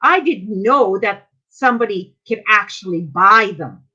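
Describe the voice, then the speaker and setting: A woman's voice: mid-range voice, animated, unhurried, bright, forceful tone, breathy edge. A woman from Canada speaking to a group meeting, angry and accusing, firing off rhetorical questions. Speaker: member addressing a group meeting. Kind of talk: heated speech to a meeting. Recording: dull lo-fi audio.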